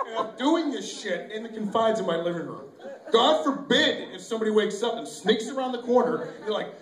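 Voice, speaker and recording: Man, stand-up comic, high voice, swooping pitch, shouted punchlines, echoey far-off camcorder sound. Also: fairly quick. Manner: loud, animated, acts out voices with shouts. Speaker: stand-up comedian. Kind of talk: stand-up routine. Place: small venue with live audience. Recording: echoey amateur video from a distance.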